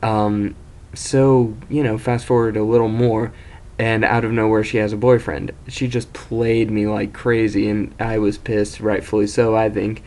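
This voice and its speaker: A man's voice: lowish voice, flat delivery, measured pace, darkish tone. A young man casually telling an embarrassing story as host of his own video series, rambling, self-mocking and swearing freely.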